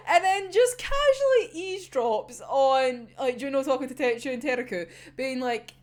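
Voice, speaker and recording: A woman's voice: high-pitched, sing-song, measured pace. A young woman with a Scottish accent chatting casually about an anime episode, swearing freely and laughing often. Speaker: anime reviewer.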